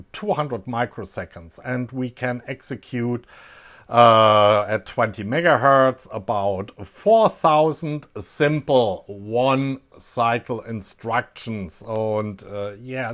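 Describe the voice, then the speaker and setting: A man with a German accent explaining an electronics experiment in a relaxed, thinking-aloud way, with many pauses and fillers. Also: medium pitch. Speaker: electronics hobbyist host. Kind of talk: casual technical explanation.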